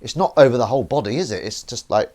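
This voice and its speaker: A man's voice: mid-range voice, lively intonation, fast talker, a little mellow. A man hosting a live stream, chatting playfully and rambling with silly asides while washing up. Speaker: streamer host.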